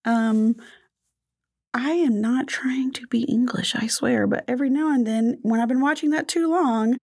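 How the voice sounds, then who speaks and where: A woman's voice: fairly high pitch, unhurried, a little mellow, no room sound, studio quality. A woman co-hosting an educational podcast, talking in a thoughtful, rambling way with many fillers. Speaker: podcast co-host. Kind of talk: casual educational podcast chat.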